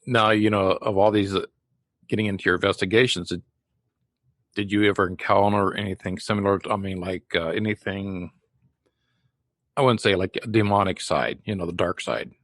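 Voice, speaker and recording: A man hosting a podcast, asking halting interview questions with many fillers. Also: low voice, fairly even intonation, fairly bright tone, no echo, studio quality. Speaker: podcast host.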